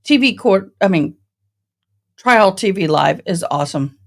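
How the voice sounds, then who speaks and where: A Southern woman in her forties with a mixed Tennessee and Texas accent hosts a casual live stream. She talks at a slow, unhurried pace, and her voice has a gravelly, fry-edged texture. Her manner stays folksy and chatty as she greets viewers by name. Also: medium pitch, lively intonation. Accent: mixed East Tennessee and Texas Southern. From Tennessee, raised in Texas. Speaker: livestream host.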